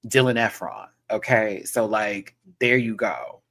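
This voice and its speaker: A man hosting a casual panel chat, sassy and animated, with quick asides. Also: fairly low pitch. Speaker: host.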